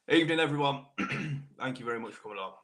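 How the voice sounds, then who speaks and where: A British man, a car technician, hosting a live stream, chatting casually with viewers by name while clearing a sore throat. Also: medium pitch, a bit bright. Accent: British English. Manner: chatty, matey banter, greets viewers by name. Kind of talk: casual live-stream chat reading comments.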